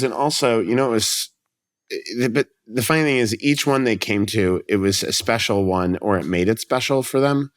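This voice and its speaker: A man with a somewhat low voice chats as a podcast guest. He tells stories in a loose, rambling way, often restarting his sentences and briefly acting out what other people said. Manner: rambling storyteller, restarts, acts out quotes. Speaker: comedian guest. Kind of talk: casual podcast chat.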